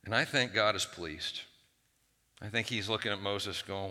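A male pastor preaches to a congregation in a church hall, acting out the whiny complaints of biblical figures in a raised pitch. He speaks unhurriedly with a sharp tone, and the recording carries a long hall reverb.

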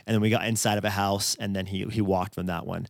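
A man's voice: fairly low pitch, little pitch movement, fast, creaky, no room sound, studio quality. A man chatting casually, telling a rambling story full of fillers. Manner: rambling storytelling with many fillers and acted quotes. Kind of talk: casual chat.

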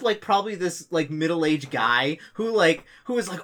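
A man's voice: sits high, expressive, brisk, few pauses, fairly bright tone. A man narrating as game master, rambling with many restarts and briefly acting out townsfolk.

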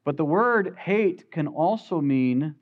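A man's voice: animated, slow pace. Emphatic preaching man, dull recording. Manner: swings from loud emphatic peaks to quiet low asides. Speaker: pastor. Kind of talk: sermon.

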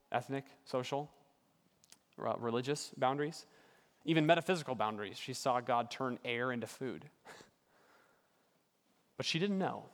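A man preaching a sermon as pastor, earnest, building points through repetition and dropping to quiet emphasis. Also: medium pitch, long reverb tail.

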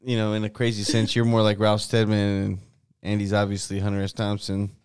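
A man's voice: lowish voice, monotone, a little fast, darkish tone, clean tone. A man, chatting on a podcast in a laid-back way, swearing casually and trailing off. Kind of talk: casual storytelling chat.

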